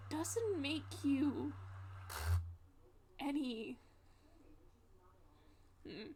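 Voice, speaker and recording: A woman playing a gentle reassuring young man. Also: high voice, slight background noise. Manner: soft, hesitant, many fillers. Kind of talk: voiced role-play.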